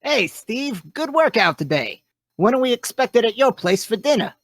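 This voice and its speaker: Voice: medium pitch, very animated, moderate pace, fairly bright tone, no room sound, clean studio sound. A reader voicing a chummy pet gerbil. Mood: friendly. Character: male pet gerbil sidekick, friendly. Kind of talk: live fan fiction read-through.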